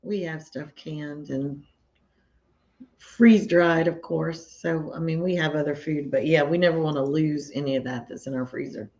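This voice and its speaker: A woman's voice: low-pitched, moderate pace. Giggly woman on a lo-fi stream. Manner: relaxed, giggly, teasing. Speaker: co-host of a homestead live stream. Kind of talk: casual chat. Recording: dull lo-fi live stream audio.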